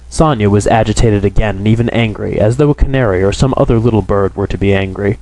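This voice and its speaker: A man narrating a classic novel as an audiobook, reading in a steady, measured way. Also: fairly low pitch, no room sound, poor audio. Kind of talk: scripted narration.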